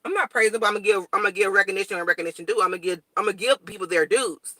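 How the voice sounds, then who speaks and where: A woman's voice: medium pitch, rapid-fire, no echo. A young woman vlogger, talking blunt and straightforward in a casual morning chat to her viewers. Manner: blunt, straightforward, animated storytelling.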